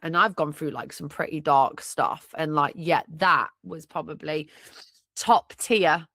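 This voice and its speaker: A woman's voice: low voice, a little slow, sharp tone, no echo. A young woman hosting a personal podcast, talking candidly and emotionally with a blocked nose, sniffing and tearful, with many restarts. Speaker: podcast host.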